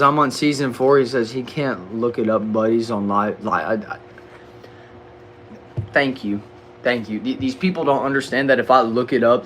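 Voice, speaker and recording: A young Southern man from Texas chats loosely through his livestream comments, slangy and relaxed, tripping over words now and then. His voice sits at an ordinary middle pitch. A faint hum runs in the background. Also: rough recording. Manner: laid-back, slangy, stumbles and repeats words. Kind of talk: casual livestream chat reading comments. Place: back shed.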